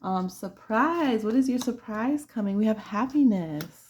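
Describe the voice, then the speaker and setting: A woman's voice: fairly high pitch, lively intonation, unhurried, a little mellow, slight background noise. A woman giving a chatty pick-a-card tarot reading who laughs often and acts out little voices. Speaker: tarot reader.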